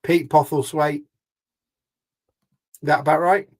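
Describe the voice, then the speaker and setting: A man's voice: fairly high pitch, fairly even intonation, slow pace, a little mellow. A man hosting a fan podcast in casual chat, jokey and teasing. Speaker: podcast host.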